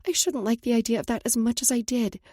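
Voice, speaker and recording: Woman, audiobook narrator, first-person, soft intimate reading, husky, dark tone. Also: a little high, quick pace, no echo, clean studio sound.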